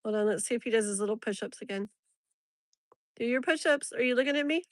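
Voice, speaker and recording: A woman's voice: medium pitch, racing, dry recording. Chatty woman livestreaming, dry close sound. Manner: rambling, chatty, laughs often. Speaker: live tarot reader and streamer. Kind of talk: casual live-stream chat.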